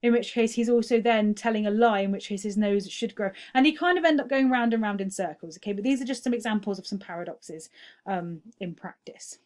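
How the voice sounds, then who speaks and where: A woman's voice: medium pitch, brisk, darkish tone. A woman teacher talking through quiz answers in a recorded feedback lesson, explaining step by step and often checking in with "okay?".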